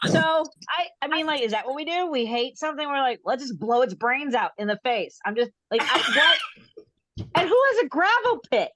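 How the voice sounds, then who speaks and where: A woman comic tells a story on a video call, her voice a touch high and recorded close and dry. She keeps interrupting herself, restarting sentences and chuckling at her own punchlines. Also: a little fast, few pauses, bright, forceful tone, no echo. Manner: rambling, self-interrupting, laughing at her own jokes. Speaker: stand-up comedian.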